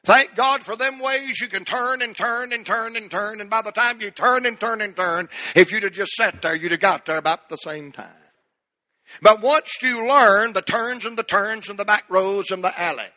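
A man's voice: sits high, moderate pace, pushed and bright. A middle-aged man preaching a sermon as pastor, emphatic and repetitive, with rhetorical questions and folksy asides.

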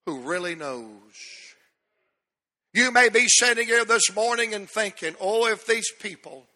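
A middle-aged man preaching an emotional sermon as pastor in a church, with a drawn-out cadence that swells. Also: high-pitched, bright, forceful tone. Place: church sanctuary. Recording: long hall reverb.

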